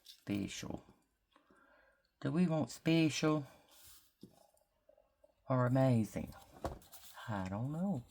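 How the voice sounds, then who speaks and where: A craft vlogger from Mississippi chats to camera while working on a craft project at her desk, thinking aloud in a Southern drawl with drawn-out words. Her voice is rumbling low and warm, with lively intonation and vocal fry.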